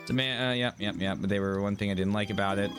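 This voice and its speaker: A man's voice: on the low side, steady tone, fast, music in the background. A young man streaming a video game live, chatting casually and teasing his chat in a dry, mock-stern way. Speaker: livestreamer. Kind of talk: casual live gameplay commentary.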